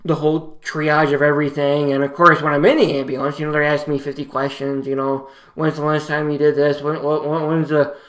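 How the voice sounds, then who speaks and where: A man's voice: a little high, monotone, brisk, few pauses, a bit bright. A man telling a personal story to his viewers in a casual vlog, rambling with many restarts and acting out what people said to him. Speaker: vlogger.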